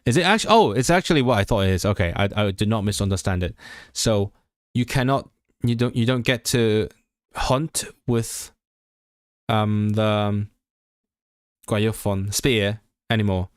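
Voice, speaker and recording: A man's voice: on the low side, measured pace, pauses often, smooth, no room sound, clean studio sound. A young man on a livestream, studying aloud and stumbling, correcting himself as he switches between reading and chatty asides. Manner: thinks aloud, self-correcting and stumbling over words. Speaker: language-learning streamer. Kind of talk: casual livestream study session.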